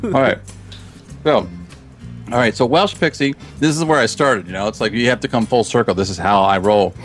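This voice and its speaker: A man's voice: fairly low pitch, fast talker, soft background music. A man chatting as a podcast guest about his video projects in a casual, rambling way, often restarting sentences and chuckling.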